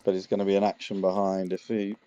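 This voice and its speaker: A man's voice: sits low, completely flat delivery, fast talker, mellow. A man with a London accent co-commentating a card game match, casual and full of puns. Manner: jokey, punning. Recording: dull lo-fi stream audio.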